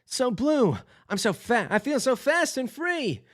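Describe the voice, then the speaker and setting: A man voicing a restless young male bee who is eager to escape, with high, excited outbursts. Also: unhurried, heavily acted. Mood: exhilarated.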